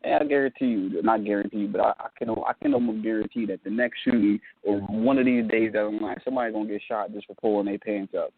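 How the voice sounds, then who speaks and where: A man on a casual radio talk show making a point fast and emphatically, stacking up examples. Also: fairly low pitch, fairly even intonation, husky, no room sound. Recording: dry tinny phone-like sound.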